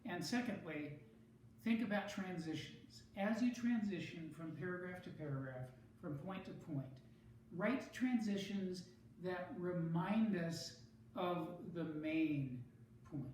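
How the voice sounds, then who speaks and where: A teacher walks students through essay writing in a measured, explanatory way at an even middle pitch. The voice rings through a very echoey room and sits at a distance from the mic. A faint hiss runs underneath. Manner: measured, explanatory, rereads for clarity. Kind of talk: recorded writing lesson.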